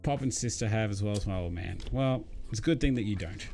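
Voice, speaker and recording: A man's voice: on the low side, fast talker, warm tone, faint music behind. A young Australian man chatting casually to viewers during a live build, rambling with lots of fillers. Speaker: streamer. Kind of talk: casual live-stream chat while building.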